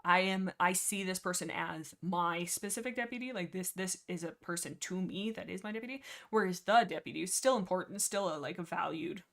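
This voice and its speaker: Lady livestreamer yapping casually, kinda low voice, lots of um and like, restarts a lot. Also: a little fast, hardly any pauses, a bit bright. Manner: rambling, many fillers and restarts, reads chat aloud. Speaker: livestream host. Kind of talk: casual rambling book discussion.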